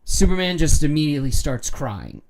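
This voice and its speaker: A man's voice: a little high, lively intonation, normal speed, darkish tone. A middle-aged man hosting a livestream and giving a casual, rambling film recap full of filler words. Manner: rambling, filler-heavy, chatty. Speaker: livestream host.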